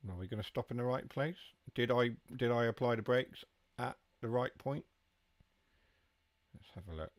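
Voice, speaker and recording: A game streamer gives live commentary while driving in a train simulator, chatting casually and answering his viewers' chat as he goes. His voice is mid-range, his pace moderate, and the recording has no echo.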